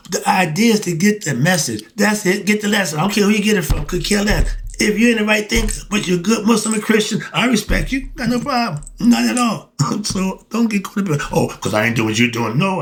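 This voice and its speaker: A man giving a casual spiritual monologue to camera, preachy and colloquial, asking and answering his own rhetorical questions. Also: high-pitched. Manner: colloquial, often cuts himself off with 'moving on'. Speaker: self-styled philosophy teacher.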